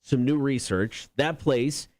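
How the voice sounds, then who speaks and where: A man's voice: medium pitch, takes it slowly, a little mellow, no room sound. A man co-hosting a morning radio show from a studio mic, bantering and laughing often.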